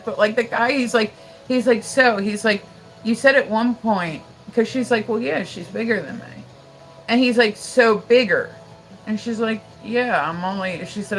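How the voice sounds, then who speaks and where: A woman's voice: mid-range voice, a bit bright, poor audio. A woman hosting a casual livestream, telling stories in a rambling way full of "like" and "you know", with faint noise behind her. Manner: rambling, filler-heavy storytelling with frequent "like". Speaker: livestream host.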